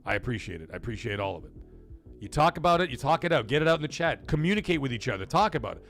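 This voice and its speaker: A man's voice: medium pitch, very animated, racing, fairly bright tone, faint music behind. A middle-aged man hosting a live stream, chatting casually, reading viewer messages aloud, and telling stories in a loose, profane, emotional way. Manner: profane, rambling, emotional storytelling; reads viewer super chats aloud. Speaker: livestream host.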